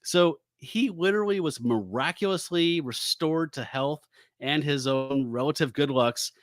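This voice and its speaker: A man co-hosting a podcast, chatting casually about a comic book and reading its dialogue aloud in quick, playful voices, laughing often. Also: fairly high pitch, dry recording. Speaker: podcast co-host.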